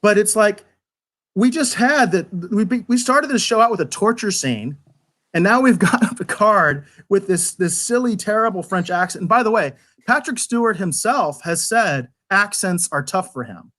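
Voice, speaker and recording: A man's voice: sits high, expressive, moderate pace, a bit bright. A man casually reviewing an episode on a podcast, rambling and stumbling over repeated words as he critiques with exasperation.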